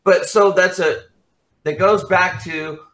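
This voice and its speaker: Guy on an interview, bright tense voice, animated storyteller, swears a lot. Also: high voice, takes it slowly. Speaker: interview guest. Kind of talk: casual chat.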